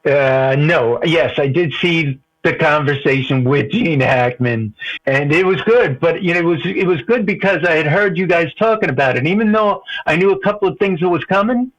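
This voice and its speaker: A man's voice: fairly high pitch, moderate pace, fairly bright tone, muffled recording. A man calling in to a show, chatting casually, rambling and laughing often. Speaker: caller. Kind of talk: casual call-in chat.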